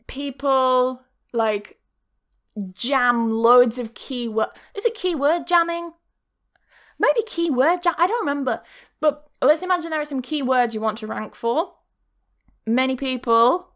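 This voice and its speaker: A woman's voice: a little high, a bit bright. Chatty woman, candid podcast talk. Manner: chatty and candid, casual swearing, frequent "like". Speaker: podcast host and online English teacher. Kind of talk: casual solo podcast talk. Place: home setup filmed on camera.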